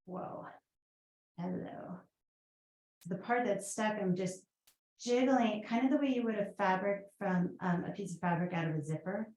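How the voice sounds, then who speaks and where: A woman's voice: medium pitch, moderate pace, darkish tone, echoey room, low-quality recording. A woman with a Boston accent teaching a guided yoga class, chatty, with rambling asides and fillers.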